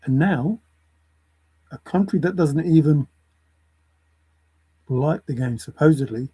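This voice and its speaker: A man delivers a video rant, lecturing his audience and hammering each point home by repeating it. His voice sits a bit high for a man, with a husky, mellow tone. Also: slow pace, pauses often, poor audio. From England. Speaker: vlogger. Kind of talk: opinion rant to camera.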